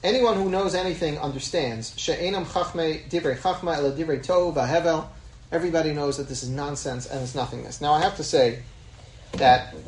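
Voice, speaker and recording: A man's voice: on the high side, roomy sound, a little hiss or hum, low-quality recording. A middle-aged man, a rabbi, giving a Torah class in a conversational storytelling manner, mixing in Hebrew terms. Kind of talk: Torah lecture with personal storytelling.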